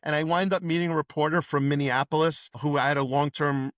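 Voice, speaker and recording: New man telling animated stories. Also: a little high, a little fast, no echo, clean studio sound. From New York. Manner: animated anecdotes with acted-out dialogue. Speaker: podcast guest, former police detective. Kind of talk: casual storytelling interview.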